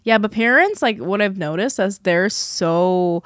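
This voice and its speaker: A woman in her thirties co-hosting a casual podcast. Her pitch swings widely, she laughs a lot and fills her talk with "like". The sound is dry and close. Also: measured pace, dry recording. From lives in New York. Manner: chatty, animated, laughs often, lots of fillers. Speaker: podcast co-host.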